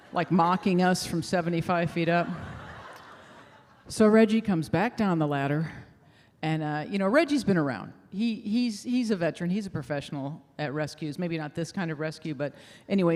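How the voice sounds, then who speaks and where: A woman's voice: lowish voice, a little mellow, long reverb tail. A middle-aged woman telling a candid personal story on stage, self-deprecating, with laughing asides. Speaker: speaker at a fundraiser showcase. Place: theater stage.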